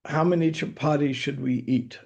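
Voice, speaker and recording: A man's voice: a little high, fairly even intonation, moderate pace, vocal fry, a little mellow, lo-fi sound. An older man giving a scripture lecture, telling anecdotes in a conversational way with dry humor. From United States. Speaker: spiritual teacher giving scripture class.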